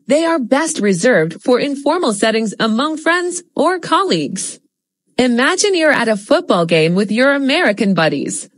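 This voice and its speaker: A woman narrates a scripted English lesson, laying out each point in a steady explanatory way. Her voice sits high and moves with a lively, wide pitch swing, and the sound is dry and close. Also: no room sound. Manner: steady explanatory delivery with spoken example phrases. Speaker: English teacher.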